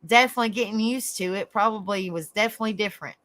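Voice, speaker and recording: Young Southern woman, livestream host, sweet and chatty, clear bright tone. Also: mid-range voice, very fast. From South Carolina, raised in Tennessee. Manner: chatty, endearing terms like honey and darling, frequent restarts. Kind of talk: casual live chat with viewers.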